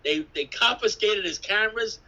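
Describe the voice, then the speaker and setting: A man telling rambling, animated stories in a casual interview, acting out voices and swearing. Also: high-pitched, unhurried, poor audio. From New York City. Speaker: interviewee, graffiti artist.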